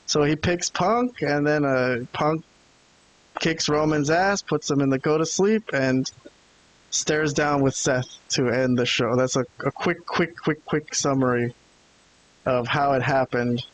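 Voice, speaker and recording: A man's voice: on the high side, unhurried, a little hiss or hum, poor audio. A man co-hosting a podcast, recapping the week casually and acting out what people said. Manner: animated storyteller, acting out quotes. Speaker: podcast co-host. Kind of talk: casual wrestling recap chat.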